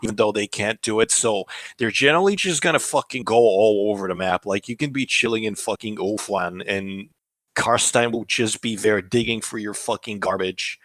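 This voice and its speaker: Co-host, man, lower voice, dry close recording, easygoing and profane. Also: normal speed, a bit bright, no echo, poor audio. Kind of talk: casual gaming chat.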